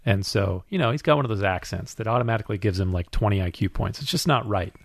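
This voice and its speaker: A man's voice: fairly low pitch, animated, fast, no room sound. A man co-hosting a casual chat, trading dry, teasing banter. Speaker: co-host.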